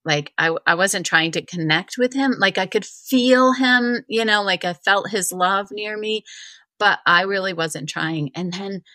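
Chatty bright-voiced woman from Vermont. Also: medium pitch, unhurried, no room sound. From Vermont, USA. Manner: chatty, heavy use of filler "like", animated retelling. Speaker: guest, wellness coach. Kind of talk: casual storytelling interview.

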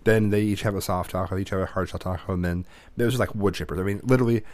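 A man's voice: low voice, steady tone, racing, a little mellow, no room sound. A young man co-hosting a casual chat, telling rambling, sweary stories. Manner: rambling storytelling, swears freely. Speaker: podcast co-host.

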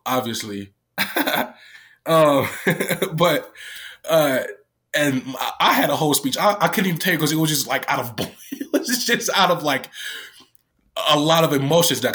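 A man's voice: mid-range voice, fairly bright tone. Man telling a story, loose and profane. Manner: loose, profane, full of "like" fillers. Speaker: youth worker. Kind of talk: casual storytelling.

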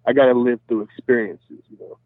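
A man's voice: medium pitch, fairly even intonation, fairly quick, no room sound. A man calling in to a casual talk show, rambling and saying "you know" constantly. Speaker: guest caller. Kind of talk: casual phone interview. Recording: tinny phone line.

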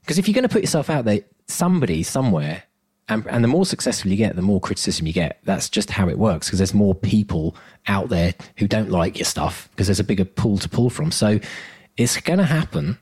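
A man's voice: on the low side, lively intonation, brisk, darkish tone, slightly rough. A man co-hosting a podcast as a coach, talking in an earnest, motivational way and laughing often. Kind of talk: casual chat.

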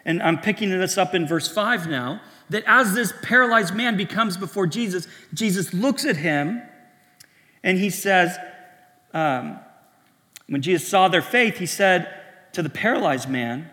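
A man preaching a sermon to young adults, in a conversational style full of restarts and lively asides. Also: high-pitched, a little slow, long reverb tail.

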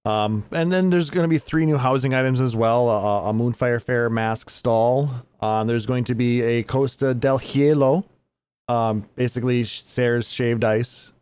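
A man from Minnesota with a Midwestern American accent, co-hosting a casual podcast. He talks in a relaxed, easy way and fills his pauses with ums. His voice sits at an ordinary middle pitch. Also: clear, resonant tone, no room sound. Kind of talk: casual chat.

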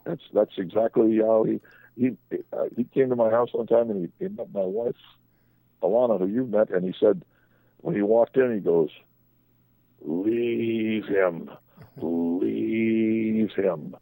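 A man's voice: fairly low pitch, sing-song, moderate pace, gravelly, mellow, no room sound, rough recording. An older man, a sports agent, telling rambling anecdotes on a radio talk show, often restarting his sentences.

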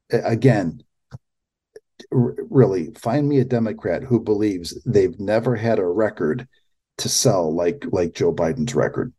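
Husky guy ranting about politics on his show, mellow tone, keeps stumbling and restarting. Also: lowish voice, animated. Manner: incredulous, halting with repeated restarts. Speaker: podcast host. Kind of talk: political commentary.

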